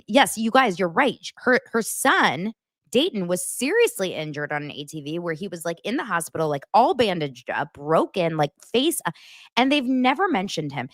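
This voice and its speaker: A woman's voice: fairly low pitch, dry recording, clean studio sound. A woman hosting a podcast, recapping a reality show in casual, gossipy chat with sarcastic asides.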